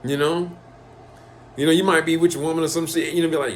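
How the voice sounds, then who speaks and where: A man's voice: a little high, fairly even intonation, fast, a little hiss or hum. A man, talking in a loose, profane monologue and acting out quoted lines in changed voices. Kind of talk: casual rambling monologue.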